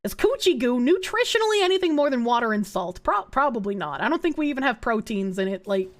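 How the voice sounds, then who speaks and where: A woman's voice: on the high side, very animated, quick pace. A woman streamer in casual live chat, reading her chat aloud and answering it bluntly and profanely, with frequent laughter.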